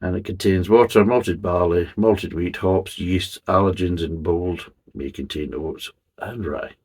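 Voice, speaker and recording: A middle-aged man talks his way through a beer review, loose and rambling, with casual swearing along the way. His voice sits very low and sounds rough and deeply husky, with plenty of gravel and fry. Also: measured pace, darkish tone.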